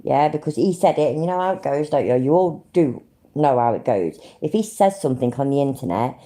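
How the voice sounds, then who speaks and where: A woman's voice: a bass voice, animated, fairly quick, warm tone. A British woman hosting a livestream, reacting to clips with sarcastic, sweary ranting. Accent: British English. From Britain. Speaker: livestream host. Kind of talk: live commentary reacting to clips.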